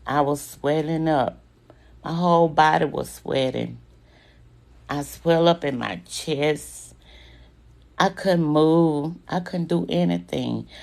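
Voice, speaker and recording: In a low, gravelly voice, a woman shares the story of her own survival on a live stream. Emotional and fighting tears, she addresses her viewers as "y'all" and "babies."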